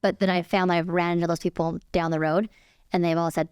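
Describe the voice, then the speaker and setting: Woman guest on a podcast, easygoing and calm, kinda quick. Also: fairly low pitch, clean tone, no room sound, clean studio sound. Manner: calm, easygoing, laughs easily. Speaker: real estate agent, guest. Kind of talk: casual interview chat.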